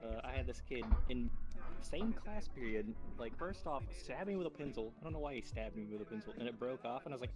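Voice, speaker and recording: A man's voice: medium pitch, fast, music in the background. A man casually telling a story, laughing and acting out the voices of the people in it. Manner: laughs through his stories, acts out the voices.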